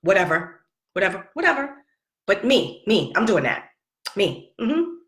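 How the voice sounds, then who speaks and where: Her voice is mid-range and fairly bright, swinging widely in pitch at a measured pace, and the room echoes. This middle-aged vlogger and mother looks directly into the camera to vent about her son in a casual storytelling vlog. She's emphatic and sassy, repeating things for effect.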